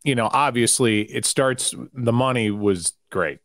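A man's voice: mid-range voice, fairly bright tone, no echo, studio quality. Candid middle-aged man telling stories. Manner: candid, storytelling, quick asides. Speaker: guest sportscaster. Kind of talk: casual podcast chat.

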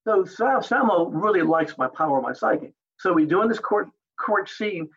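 A man, a martial artist and actor, telling animated anecdotes in an interview and acting out other people's lines. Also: high voice, normal speed, slightly rough, highs cut off. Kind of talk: storytelling interview.

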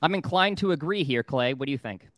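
A man hosting a sports betting talk show, briskly reading out odds and steering the discussion. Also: a little high, animated, a bit bright, no room sound. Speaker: host.

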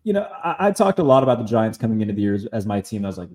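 Guy hosting a sports podcast, lowish mellow voice, chatty, lots of ums, echoey room. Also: big pitch swings. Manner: chatty, lots of fillers, quick asides. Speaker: podcast host. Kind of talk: casual sports chat.

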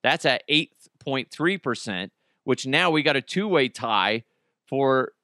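Lively, joking male podcast host. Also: medium pitch, a little slow, dry recording, studio quality. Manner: jokey, profane, riffing, reads live ad. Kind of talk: casual solo podcast talk.

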